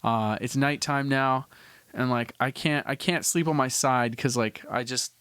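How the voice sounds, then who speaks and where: Here the Canadian podcast host, a young man, keeps looping back and starting sentences over, swearing casually as he tells his tale. Close, dry recording with no echo carries his smooth, clean voice: medium pitch, fairly even, unhurried and slightly bright.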